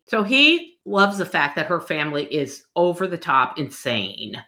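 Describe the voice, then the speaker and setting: A woman's voice: lowish voice, lively intonation, moderate pace, hardly any pauses, pushed and bright. A woman co-hosting a casual book discussion, reading passages aloud and laughing often. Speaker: book podcast co-host.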